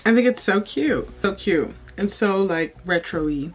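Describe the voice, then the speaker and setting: A woman's voice: mid-range voice, lively intonation, a little slow, breathy edge. A young woman vlogging, chatting casually and telling a childhood story while doing her makeup, often calling the viewers y'all. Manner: chatty, repeats herself, addresses viewers as y'all.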